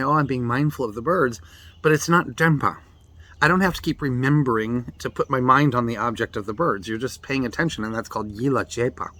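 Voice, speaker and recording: A man's voice: mid-range voice, a bit bright. A middle-aged man giving a blunt, emphatic talk on meditation as a Buddhist teacher. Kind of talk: direct-to-camera daily reflection talk.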